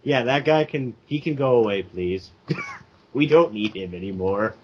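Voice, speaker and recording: A man's voice: mid-range voice, lively intonation, moderate pace, a little hiss or hum. A young man co-hosting a casual podcast, rambling and restarting his sentences. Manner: rambling, self-interrupting. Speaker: podcast co-host. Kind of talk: casual chat. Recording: dull lo-fi sound.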